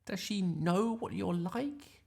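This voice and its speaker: Man playing a scornful big sister, high sarcastic voice, sneering, storybook. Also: lively intonation, slow, creaky, a little mellow, full character voice. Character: scornful older sister, sharp-tongued girl.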